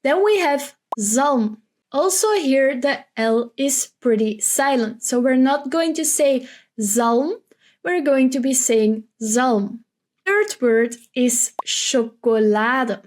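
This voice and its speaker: A woman teaching vocabulary, repeating each word slowly and carefully for learners. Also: high voice. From Belgium. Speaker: Dutch language teacher. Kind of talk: vocabulary lesson, slow and careful.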